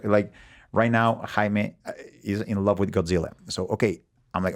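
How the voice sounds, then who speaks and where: A man's voice: lowish voice, moderate pace, creaky. A man from Mexico with a Mexican Spanish accent, a podcast guest who tells stories in casual chat, acting out quotes and swearing freely. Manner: animated storyteller, acts out quotes, swears freely.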